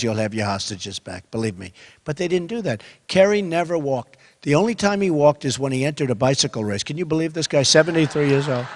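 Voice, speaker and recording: An older man in his seventies giving a campaign speech at a rally event, repetitive and emphatic, swinging between quiet asides and loud bursts. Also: a little high. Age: 70s. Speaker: candidate speaking at a rally event. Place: large hall with an audience. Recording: echoey hall with crowd behind.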